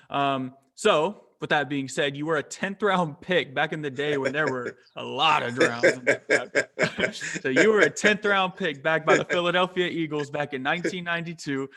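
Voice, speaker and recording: A man's voice: fairly high pitch, sharp tone. A man hosting an interview show, laid-back, with short reactions to his guest. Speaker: podcast host.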